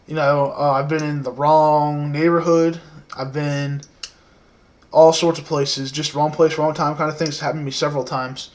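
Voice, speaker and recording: A man in his twenties telling a story casually to the camera, soft-spoken and rambling, with many fillers. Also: a little high, flat delivery, normal speed.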